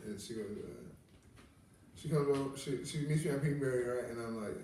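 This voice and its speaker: A man's voice: mid-range voice, fairly quick, warm tone, a little hiss or hum. A man chatting as a comedian, telling stories bluntly with lots of swearing. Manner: blunt, profane storyteller. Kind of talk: casual comedic chat. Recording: echoey room, distant mic.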